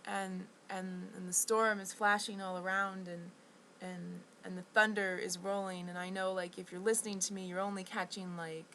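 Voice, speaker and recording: A woman telling a rambling personal story to camera. She talks in a halting, restless way, full of restarts and fillers, and sounds indignant. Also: mid-range voice, level tone, bright, forceful tone, a little hiss or hum, low-quality recording. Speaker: vlogger.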